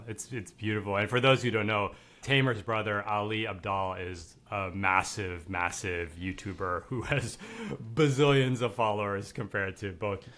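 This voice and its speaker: A man hosting a podcast in a loose, enthusiastic way, often dropping in "like" and the odd swear. His voice sits a little low. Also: fairly bright tone. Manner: enthusiastic, loose, swears casually, many "like" fillers. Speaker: podcast host. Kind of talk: casual podcast chat.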